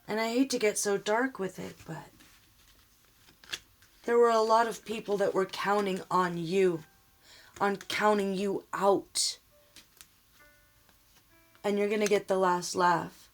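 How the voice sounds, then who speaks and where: A woman's voice: medium pitch, steady tone, faint music behind. A woman giving a tarot reading, speaking earnestly and emotionally straight to the viewer. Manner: slow, emotional, earnest, addressing the viewer directly. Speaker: tarot reader.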